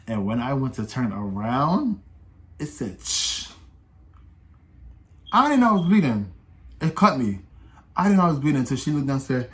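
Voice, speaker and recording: A man's voice: mid-range voice, big pitch swings, normal speed, pauses often. An eighteen-year-old man telling a casual storytime, rambling and slangy, with many restarts and quoted voices. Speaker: vlogger.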